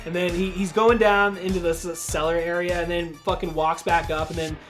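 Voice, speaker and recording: A man's voice: sits high, flat delivery, fairly bright tone, faint music behind. Laid-back, foul-mouthed man recapping a film. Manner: rambling, profane, laid-back, peppered with "dude" and quick acted-out quotes. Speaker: podcast host reviewing a horror film. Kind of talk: casual movie recap chat.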